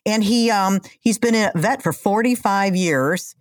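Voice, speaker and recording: A woman's voice: medium pitch, measured pace, no room sound, clean studio sound. A middle-aged woman co-hosting a casual podcast with her son, motherly, teasing and scolding. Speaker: podcast co-host, mother of the other host. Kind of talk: casual chat.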